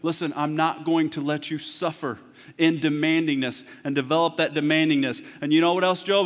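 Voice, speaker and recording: A man preaching a sermon as pastor, moving from hushed, intimate talk to loud, impassioned preaching. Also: fairly high pitch, steady tone, fairly quick. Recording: long hall reverb.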